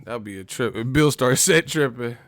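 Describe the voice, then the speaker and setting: A man's voice: mid-range voice, moderate pace, a bit bright, dry recording, faint music behind. A man hosting a livestream, ranting comedically in a loose, profane way and laughing often. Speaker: livestream host.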